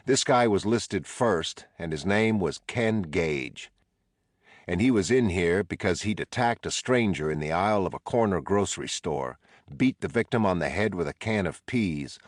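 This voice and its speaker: Deep-voiced man narrating a novel. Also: dry recording, clean studio sound. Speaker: audiobook narrator. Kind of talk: scripted narration.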